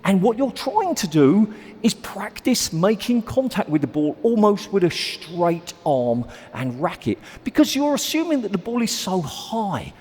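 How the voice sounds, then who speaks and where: A man's voice: high voice, very animated, measured pace, darkish tone, breathy edge, in a large hall. A man coaching squash on court, explaining and demonstrating shots in a chatty, self-deprecating way. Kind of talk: on-court instructional video.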